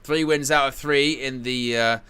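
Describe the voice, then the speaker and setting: Bright, crisp-voiced football watchalong host. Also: male voice, mid-range voice, fairly even intonation, unhurried. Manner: casual, rambling, jokey asides. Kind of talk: live match watchalong commentary.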